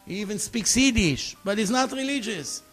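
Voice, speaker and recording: Rabbi guy with a high voice telling a sermon story, lively, acts out the people talking, bit of music faint underneath. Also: normal speed. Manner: animated storyteller acting out quoted dialogue.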